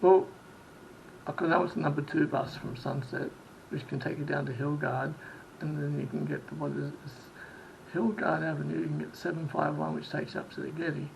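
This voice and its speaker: A man rambles through a travel story, his voice slightly high and strongly gravelly with fry. He restarts sentences often and acts out conversations, with a faint low hiss behind him. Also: flat delivery, brisk, a little mellow, poor audio. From Australia. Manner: rambling, with many restarts and acted-out quotes. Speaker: vlogger. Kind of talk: casual storytelling monologue.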